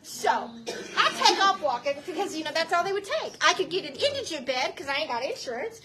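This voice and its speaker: A middle-aged woman telling her personal testimony to a church audience, animated and slangy, often laughing as she tells the story. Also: extremely high pitch, brisk, over loud music. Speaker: guest speaker giving testimony.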